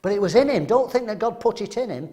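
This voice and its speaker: High-voiced emphatic older male preacher. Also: lively intonation, fast talker, mellow. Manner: emphatic, rhetorical questions, acts out voices. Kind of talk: sermon.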